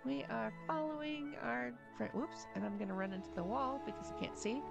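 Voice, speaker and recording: A woman's voice: a little high, animated, a little fast, gravelly, over music. Giggly chatty woman streamer. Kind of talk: casual game commentary.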